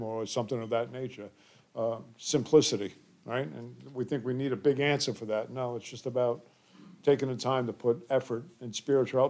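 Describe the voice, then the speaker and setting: Relaxed, conversational man with a mid-range voice. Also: mid-range voice. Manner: relaxed and conversational, with filler words. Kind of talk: casual talk to a group.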